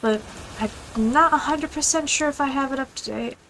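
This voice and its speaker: A young woman streaming a game, chatting casually in a rambling, fast, apologetic way. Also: high voice, a bit bright, slight background noise, low-quality recording. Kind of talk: casual gaming stream chat.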